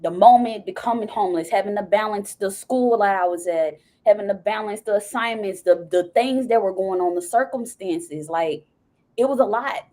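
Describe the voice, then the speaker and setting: A young woman with a mid-range voice, recounting hard times as a podcast guest. She speaks haltingly, restarting her sentences, and sounds close to crying. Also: medium pitch, warm tone. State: near tears. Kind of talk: personal testimony in conversation.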